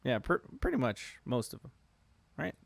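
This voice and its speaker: A man's voice: mid-range voice, wildly swooping pitch, moderate pace, gravelly. A man hosting a casual podcast chat, laid-back, laughing often and swearing freely. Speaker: podcast host.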